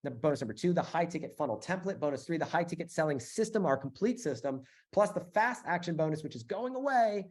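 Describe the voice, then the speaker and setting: Emphatic, fast-pitching male webinar host. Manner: energetic, emphatic, repeats phrases, many fillers. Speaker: webinar host selling a business bootcamp. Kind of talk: live sales webinar pitch with Q&A.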